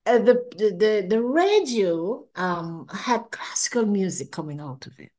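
At a measured pace and medium pitch, this older interview guest animatedly describes her near-death experience. She acts out the thoughts she had at the time, laughs now and then, and tends to repeat words in her expressive telling.

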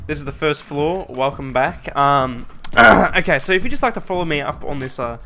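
A man chatting through a survival game stream, quick to get excited and quick to swear. His voice sits a bit high and has a bright, forward edge. He talks loosely and jokily into his mic. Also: vocal fry, faint music behind. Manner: excitable, swears a lot, jokey. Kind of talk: casual game chat.

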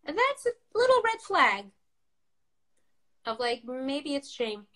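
A woman's voice: sits high, very animated, slow, bright, forceful tone. A woman therapist on a casual live video call, explaining things thoughtfully with many fillers and restarts. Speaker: therapist guest. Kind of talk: casual live-stream conversation.

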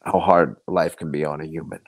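Low-voiced man telling his story earnestly. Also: fairly even intonation, breathy edge, dry recording. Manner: earnest, halting, many restarts. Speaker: podcast guest. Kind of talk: personal storytelling in conversation.

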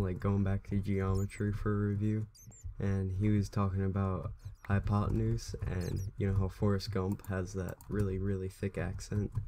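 A young man gives casual, rambling play-by-play commentary and talks straight to his viewers. His voice is low, dark and gravelly. A faint hiss and some keyboard clicking sit under the speech. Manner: chatty, rambling, talks to viewers while playing. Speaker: gameplay commentator.

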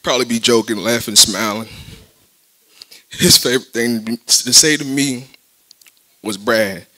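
A man giving a halting eulogy for a teammate at a memorial service, with laughs between his thoughts. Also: medium pitch, sharp tone, rough recording.

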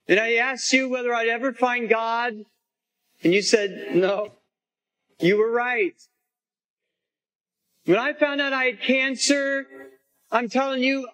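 A man's voice: very high-pitched, a bit bright, heavily acted, rough recording. A priest voicing a dying young man confessing his doubts.

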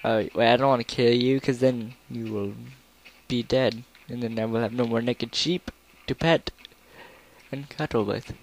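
This let's player is a young man who talks loosely over his gameplay, wandering off topic and occasionally singing bits of songs. He speaks at normal speed in a steady, medium-pitched voice, with a slight hiss or hum in the recording.

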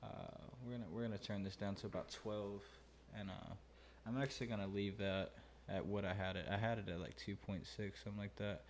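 A man's voice: lowish voice, steady tone, brisk, few pauses, a little hiss or hum. A man hosting a mixing tutorial, talking casually and thinking aloud with many fillers. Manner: laid-back, thinking aloud with many ums and uhs. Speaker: mixing engineer and channel host.

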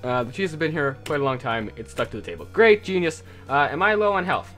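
A man's voice: on the high side, expressive, quick pace, a bit bright. A man doing casual let's-play commentary, rambling and joking at his own expense. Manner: rambling, self-deprecating, lots of fillers. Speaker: gameplay commentator. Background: game music.

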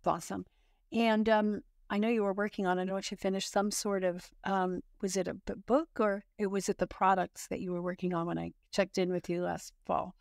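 A woman's voice: mid-range voice, little pitch movement, brisk, creaky, a little mellow, no echo, studio quality. A woman hosting a podcast interview, upbeat and affirming toward her guest. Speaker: podcast host.

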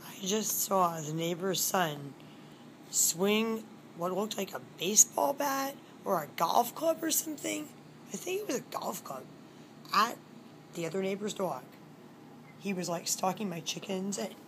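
A woman's voice: mid-range voice, expressive, measured pace, a little hiss or hum. A woman recording a casual home video diary, chatting to the camera and talking to her cats and a child as she goes. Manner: chatty, talks to cats and child while filming. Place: at home, indoors.

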